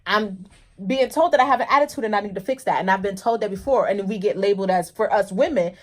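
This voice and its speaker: Animated woman in casual chat. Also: mid-range voice, quick pace. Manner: animated, acts out workplace exchanges in quoted voices. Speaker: co-host.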